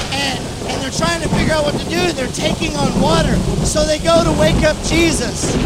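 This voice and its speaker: A man preaching a sermon, telling a story with lively acted-out voices. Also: very high voice, very noisy. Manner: animated storyteller, acts out the disciples' panic. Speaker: pastor.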